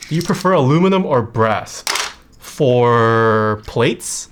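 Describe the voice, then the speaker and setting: Low-key streamer reading chat questions. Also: animated, takes it slowly, background noise. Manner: reads viewer questions aloud and answers them offhand. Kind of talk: casual livestream chat.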